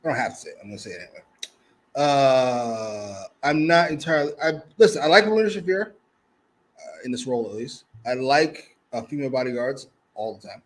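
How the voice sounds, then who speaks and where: A man co-hosting a casual wrestling review show, talking in a jokey, profane, animated way. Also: medium pitch, fairly quick, poor audio. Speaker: co-host.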